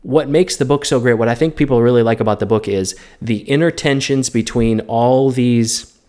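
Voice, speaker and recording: Opinionated man co-hosting a film podcast. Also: mid-range voice. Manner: opinionated, animated film talk with quick asides. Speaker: podcast co-host. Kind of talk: casual chat.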